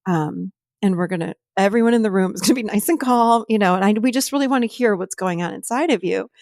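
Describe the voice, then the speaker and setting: A middle-aged woman hosting a podcast, telling stories from her therapy practice in an animated way and sometimes laughing as she talks. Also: mid-range voice, fast, no echo, clean studio sound. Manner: animated storytelling, laughs while talking. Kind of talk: casual chat.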